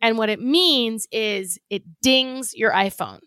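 Woman, podcast co-host, high voice, animated storytelling, casual swearing, dry close sound. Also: slow pace, clear, resonant tone, no echo. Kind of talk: casual chat.

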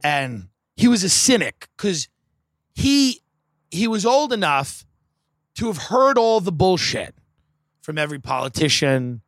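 Male comic, slightly higher-pitched voice, wry and profane, rambling storyteller, dry close sound. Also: sing-song, measured pace, pauses often, fairly bright tone, dry recording. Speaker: comedian. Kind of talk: stand-up storytelling.

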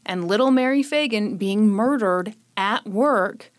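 A woman's voice: medium pitch, measured pace. A young woman hosting a podcast, telling a true-crime story in a casual, sarcastic way. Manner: sarcastic, joking. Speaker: podcast host.

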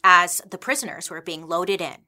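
Bright, chatty young woman telling history. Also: lowish voice, expressive, moderate pace. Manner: chatty, sarcastic asides. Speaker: history storyteller host. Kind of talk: casual history storytelling.

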